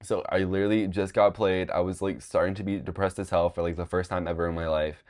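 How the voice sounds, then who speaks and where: A man's voice: deep voice, little pitch movement, quick pace, darkish tone. A young man from Long Beach, California, telling a personal story in a casual, rambling way, with many fillers and frequent swearing. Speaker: podcast host.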